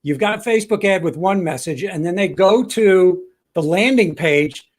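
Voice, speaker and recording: A man co-hosting a casual chat who spells out each lesson in a coaching tone. His voice is notably high for a man. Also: animated, moderate pace. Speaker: podcast co-host.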